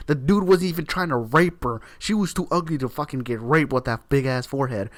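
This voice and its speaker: A man's voice: mid-range voice, animated, brisk, hardly any pauses, no echo. Male vlogger, mid-range voice, profane and heated, circles back on his points; dry, deadened recording. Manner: heated, repetitive, swears often, leans on "literally". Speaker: video creator. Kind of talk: opinion rant to camera.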